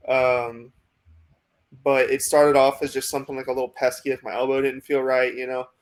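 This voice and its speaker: This young man speaks in a steady, fairly level tone at a middle pitch, keeping the story loose and rambling. He keeps saying "like" and "you know" and slips into quoted back-and-forth with his coaches. It comes across as laid-back guest chat on a podcast. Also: normal speed, smooth. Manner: acts out quoted coaches in dialogue. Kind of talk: casual storytelling interview.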